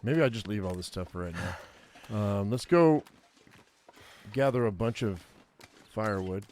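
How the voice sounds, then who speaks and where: Guy talking to himself while he plays, low-ish voice, chatty little asides to viewers. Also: a little slow, darkish tone, a little hiss or hum. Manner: muttering thoughts aloud, chatty asides to viewers. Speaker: gameplay commentator. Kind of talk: casual gameplay commentary.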